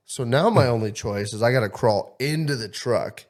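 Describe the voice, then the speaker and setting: A man's voice: mid-range voice, normal speed. Swearing man telling a story. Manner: profane, excitable storyteller. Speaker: podcast co-host. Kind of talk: casual chat, storytelling.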